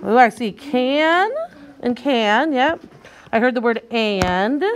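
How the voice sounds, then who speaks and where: A woman with a bright, high voice leads young children through a guided reading lesson, with slight background noise in the clip. She's animated and encouraging, pausing to sound out each tricky word slowly and urging the class to read with her.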